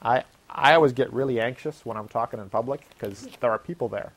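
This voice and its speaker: A man's voice: mid-range voice, brisk. A man hosting his own show, talking in a casual, rambling, self-deprecating way and acting out what people say. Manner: acts out quoted voices. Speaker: host.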